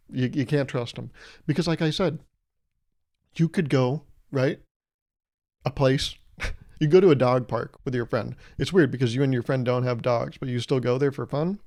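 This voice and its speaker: A man's voice: medium pitch, normal speed, a little mellow. A young man hosting his own podcast, rambling through a casual comedic monologue and slipping into playful mock voices. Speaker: podcast host.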